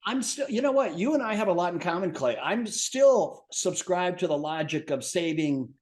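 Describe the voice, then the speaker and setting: A man speaks as an interview guest, his voice a touch higher than usual. He talks in an earnest, reflective way and now and then stumbles and restarts mid-word. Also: very animated, normal speed, a little mellow. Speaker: podcast guest, franchise businessman. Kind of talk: conversational interview answers.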